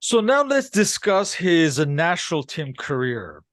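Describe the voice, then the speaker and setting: A man hosting an interview, asking measured, prepared questions. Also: on the high side, sing-song, a bit bright, no echo. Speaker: interview host.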